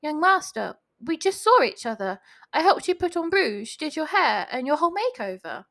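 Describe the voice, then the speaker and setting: A woman's voice: high-pitched, very animated, moderate pace, vocal fry, a bit bright, dry recording, voice pushed up, heavily acted. A woman voicing a flustered young woman pleading to be believed, in a read-aloud story. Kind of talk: storybook reading voice.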